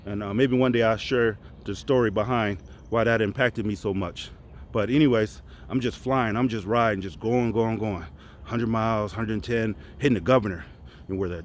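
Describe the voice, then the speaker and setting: A man's voice: on the low side, a little hiss or hum. Earnest man telling a personal story. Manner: earnest, conversational, many fillers and restarts. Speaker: motivational speaker.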